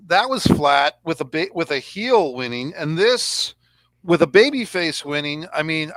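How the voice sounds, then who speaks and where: A man's voice: a little high, a bit bright, dry recording. A man hosting a casual review chat, rambling and sarcastic as he talks things through. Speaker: podcast host.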